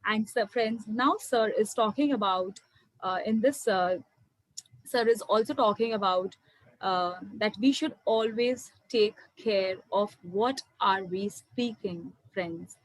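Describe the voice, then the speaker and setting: A woman's voice: medium pitch, takes it slowly, no echo, rough recording. A young woman giving an earnest spiritual talk on meditation, often calling her listeners "my dear friends". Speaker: meditation speaker. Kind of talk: spiritual talk to an online audience.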